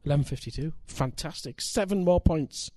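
An older man, preaching a sermon and telling stories with animated, emphatic delivery. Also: fairly high pitch, moderate pace, no room sound. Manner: animated, building to loud emphatic peaks. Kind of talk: sermon with storytelling.

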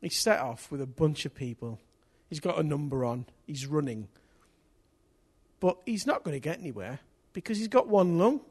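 A man preaching a sermon in a church, telling a story with energy, rising to excited shouts and dropping to near whispers. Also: on the high side, moderate pace, breathy edge. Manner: swings from hushed to excited shouting; lively storyteller with local place names and slang.

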